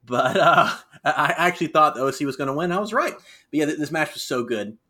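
A man in his thirties co-hosting a casual wrestling chat, animated and rambling with fillers. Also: fairly high pitch, a little fast. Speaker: podcast co-host.

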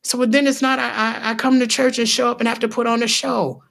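Her voice sits on the high side, gravelly and a bit bright, with a level tone and a fairly quick pace. She preaches casually and emphatically on a Bible podcast, asking rhetorical questions and ending points with a checking "okay?"

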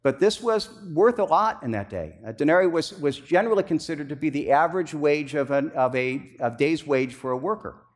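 Guy pastor preaching, slightly high voice, chatty and loose, lots of um and restarts, gets emphatic. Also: expressive, brisk, few pauses. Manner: conversational, many restarts and fillers, rising to emphatic bursts. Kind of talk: sermon.

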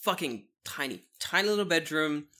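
A man's voice: a little high, normal speed. A man co-hosting a casual podcast from a living room, talking in a loose, swearing, mocking way. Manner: swearing, animated, mocking impressions. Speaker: podcast co-host. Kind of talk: casual chat. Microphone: studio mic on a table.

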